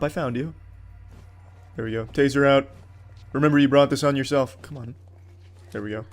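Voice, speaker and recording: A man's voice: medium pitch, steady tone, moderate pace, long pauses, faint music behind. Crude, sarcastic man narrating gameplay. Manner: crude, sarcastic, mock-heroic. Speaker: gaming commentator. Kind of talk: comedic gameplay commentary.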